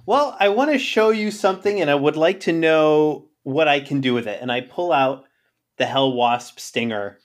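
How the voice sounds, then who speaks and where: A man's voice: fairly high pitch, animated, moderate pace. A man playing his character in a tabletop game, hesitant and full of ums and uhs. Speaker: player.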